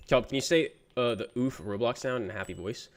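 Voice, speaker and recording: A young man on a gaming livestream, his voice sitting in an everyday middle pitch. He reads viewers' messages out loud and answers them with easygoing slang, calling people "bro" often. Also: normal speed. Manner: laid-back, reads chat messages aloud and answers them. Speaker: gaming streamer. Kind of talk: casual livestream chat.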